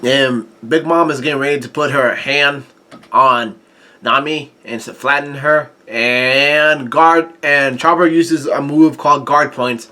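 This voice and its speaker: A man casually recapping a manga chapter, halting often with restarts and self-corrections. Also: mid-range voice, fairly even intonation, sharp tone. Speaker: manga reaction host.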